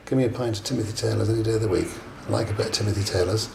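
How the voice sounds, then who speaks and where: A man's voice: lowish voice, rapid-fire, creaky. An older man chef, interviewed, talking in a blunt, chatty way with anecdotes. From England. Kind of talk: casual interview. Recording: echoey room with background noise.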